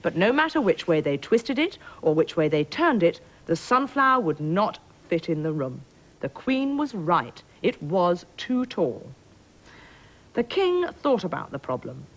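Woman reading a kids' story, really sing-song and expressive. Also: lowish voice, a little slow. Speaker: presenter. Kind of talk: children's storybook narration.

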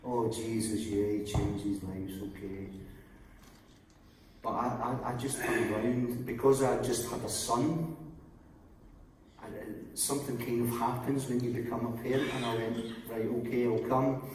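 A man's voice: little pitch movement, normal speed, a little hiss or hum. Scottish man giving a testimony in a big echoing hall. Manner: storytelling, acts out quoted dialogue, often drops to a quiet low voice. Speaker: guest preacher giving testimony. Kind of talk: testimony sermon. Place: church hall. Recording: very echoey hall, voice heard from far off.

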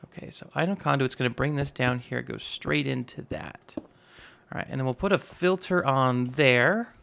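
A man in his twenties with a slightly raspy voice, casually narrating a building game and rambling as he goes. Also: medium pitch, moderate pace, fairly bright tone. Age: 20s. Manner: rambling, self-teasing, narrates each step aloud. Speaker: gaming YouTuber. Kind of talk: casual Minecraft let's play commentary.

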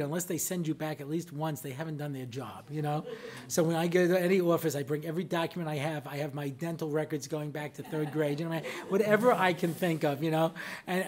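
Chatty American rabbi telling funny stories. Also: male voice, a little high. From United States. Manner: chatty, anecdotal, constant "you know" asides. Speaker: rabbi giving a public lecture. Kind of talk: humorous storytelling lecture.

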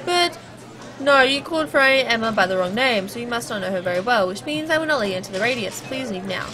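A woman's voice: a little high, lively intonation, fast talker, music in the background, a crowd in the background, natural voice, poor audio. A woman reading the lines of a stern male doorman who haughtily guards a private gathering. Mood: dismissive. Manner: haughty, clipped and dismissive. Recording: clearly audible background noise.

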